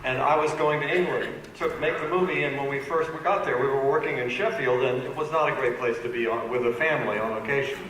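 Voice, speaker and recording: A man telling a lively anecdote on a fan convention panel, acting out the other people in the story as he goes. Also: medium pitch, fast talker, few pauses. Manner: lively storyteller, acts out voices. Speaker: panel guest actor. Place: large convention hall. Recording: echoey convention hall, distant mic, noisy.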